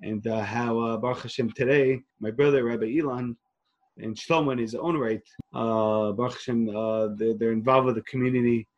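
Speaking at normal speed in a steady, darkish mid-range voice on a lo-fi recording, a man recounts his story in an interview. He's a rabbi and organization leader from Queens, New York, earnest and prone to restarting, with Hebrew and Yiddish phrases woven in.

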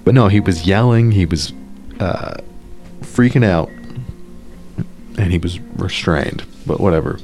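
A man's voice: low-pitched, measured pace, pauses often, a little mellow, faint music behind. A man hosting a podcast, giving blunt, profane, sarcastic commentary on an article he reads aloud, stumbling over restarts when worked up. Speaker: podcast host.

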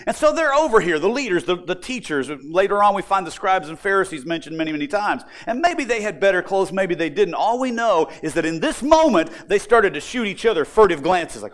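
A male pastor delivers a sermon with a high, lively voice that rises and falls a great deal. He preaches with energy and slips into acted voices when he quotes people. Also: brisk.

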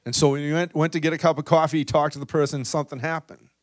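A man preaching a charismatic sermon, swinging between loud exhortation and soft, intimate asides, often adding "come on" and "right?". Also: fairly high pitch, level tone, rapid-fire, dry recording, clean studio sound. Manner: peppers talk with "come on" and "right?".

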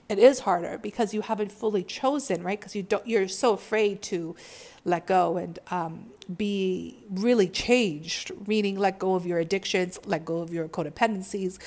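A woman who works as a spiritual healer, giving an emphatic, slangy motivational monologue laced with swearing. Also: mid-range voice. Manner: emphatic, preachy, profane, slangy.

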